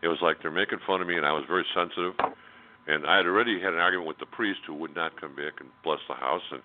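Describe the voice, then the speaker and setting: A man's voice: sits low, very fast, slight background noise. A man telling a personal story as a radio interview guest, in a candid, blunt way with many fillers and restarts. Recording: tinny phone line.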